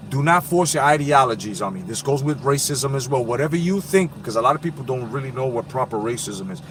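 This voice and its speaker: A man's voice: medium pitch, fast talker, a little hiss or hum. A man in his thirties of Puerto Rican heritage hosting a casual live stream, talking bluntly and profanely in streetwise slang. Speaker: boxing live-stream host.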